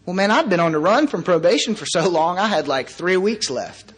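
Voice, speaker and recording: A man's voice: sits high, expressive, a little fast, breathy edge. A young man speaking at a recovery meeting, telling his personal story in an earnest, conversational way.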